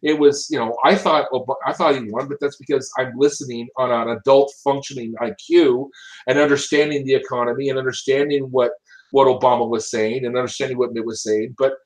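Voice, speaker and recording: A man's voice: mid-range voice, fairly even intonation, fairly quick, poor audio. A man giving opinionated casual commentary, emphatic and often repeating and restarting his words. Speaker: political commentator.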